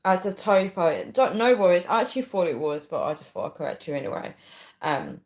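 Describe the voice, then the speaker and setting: Low-voiced woman chatting live. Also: sing-song, brisk, a little mellow, echoey room. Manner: chatty and rambling, frequent ums. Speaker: livestream host. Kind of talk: casual live chat, reading viewer comments.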